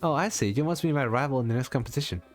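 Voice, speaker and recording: A determined young potion shopkeeper from a game, defiant and quick with a cutting reply, as a man voices her. Faint music hums underneath. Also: mid-range voice, pitched above the performer's own voice, close to an everyday voice. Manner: defiant and sharp-tongued.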